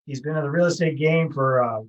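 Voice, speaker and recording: A man from Canada hosting an interview podcast, his voice sitting fairly high for a man. He keeps it upbeat and chatty, joking with his guest between questions. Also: a little fast, lo-fi sound. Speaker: podcast host. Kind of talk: casual interview chat.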